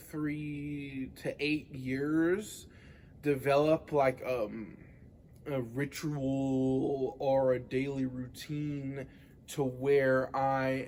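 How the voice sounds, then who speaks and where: A man's voice: medium pitch, a little mellow, slight background noise. A young man rambling casually to the camera in a vlog, full of filler words and swearing. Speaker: vlogger.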